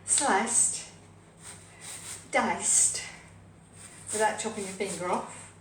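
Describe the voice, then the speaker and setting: A woman hosts a live home cooking stream from her indoor kitchen, rambling cheerfully and chatting to her pets and viewers. Her medium-pitched voice draws out words, recorded from a distance in an echoey kitchen with a faint hum.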